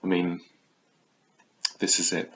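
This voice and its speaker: A man's voice: slow, very noisy. A man chatting theatrically through a casual book review vlog, often breaking into exaggerated voices. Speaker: book vlogger. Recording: dull lo-fi recording.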